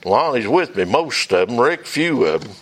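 A man's voice: mid-range voice, very animated, moderate pace, a bit bright. A man, a revival preacher telling a folksy story from the pulpit and calling on listeners by name.

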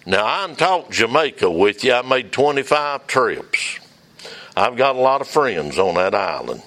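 Man, revival preacher, folksy storytelling, very lively pitch, unhurried. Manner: folksy, chuckling, addresses listeners by name.

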